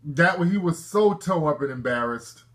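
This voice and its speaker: Brash call-in show host, man, aave slang, kinda high voice, teasing the callers. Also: expressive, normal speed, fairly bright tone. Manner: brash, joking, street slang, lecturing callers. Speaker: show host taking calls. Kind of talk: call-in talk show banter.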